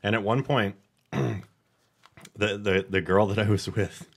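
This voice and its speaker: A man's voice: lowish voice, takes it slowly, vocal fry, slightly rough. A man telling a story in casual podcast chat, swearing freely and getting worked up. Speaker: podcast guest.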